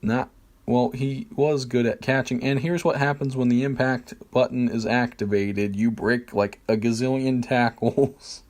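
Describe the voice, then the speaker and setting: Slow, rambling male game streamer. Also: mid-range voice, steady tone. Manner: rambling, hesitant, many fillers, self-deprecating. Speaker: streamer playing a football video game. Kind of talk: casual gameplay commentary.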